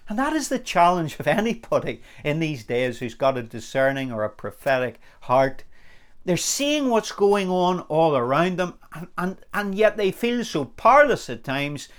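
A man's voice: big pitch swings, a little slow, fairly bright tone. A man teaching a recorded Bible study sermon, talking earnestly and lifting his voice on the words he stresses. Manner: earnest, emphatic, rising in pitch on key words.

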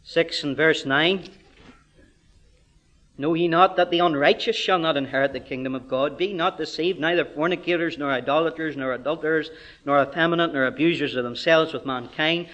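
A man with a Northern Irish accent preaching an expository Bible sermon, swinging between loud, drawn-out proclamations and quiet asides. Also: on the high side, highs cut off.

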